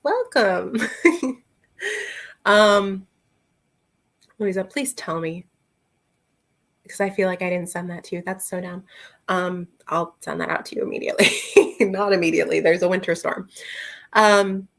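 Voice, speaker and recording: Laughing often, a woman book reviewer takes viewer questions during a casual livestream book chat. She has a lowish, gravelly voice with a fairly bright tone, and she speaks unhurriedly, pausing often.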